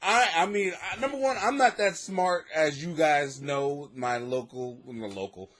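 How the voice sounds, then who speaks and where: An American man hosting a casual comic podcast from his basement, rambling and swearing, laughing often and swinging between mutters and near-shouts. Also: fairly high pitch, a little slow. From United States. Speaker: podcast host, struggling comic. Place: home basement.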